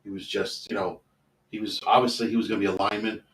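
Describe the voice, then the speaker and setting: Candid low-voiced coach, roomy distant sound. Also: male voice, little pitch movement, fast talker, a bit bright. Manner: candid, rambling, earnest, swears casually. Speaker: youth football coach. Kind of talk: casual storytelling in a podcast interview.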